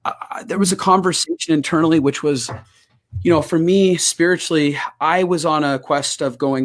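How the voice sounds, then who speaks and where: A man's voice: fairly high pitch, fairly even intonation, moderate pace. A man giving a candid, emotional personal testimony in an interview, acting out his own past prayers and outbursts. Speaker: guest sharing his story.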